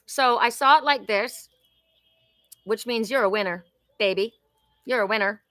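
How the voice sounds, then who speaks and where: A woman's voice: fairly high pitch, a little slow, a bit bright, no echo. A woman in her sixties hosting a live oracle reading, chatting effusively and talking to viewers by name. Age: 60s. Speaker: host.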